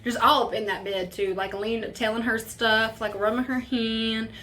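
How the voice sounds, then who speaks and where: A woman's voice: a little high, fairly even intonation, normal speed, sharp tone. Young woman telling a sad story, swearing. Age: young adult. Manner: casual, profane, emotional retelling. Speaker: vlogger. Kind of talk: storytime vlog.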